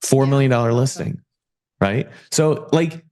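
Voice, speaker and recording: A man giving a motivational talk and sales pitch about personal branding, with punchy rhetorical questions. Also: normal speed, darkish tone. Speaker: personal branding agency owner. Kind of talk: live presentation pitch.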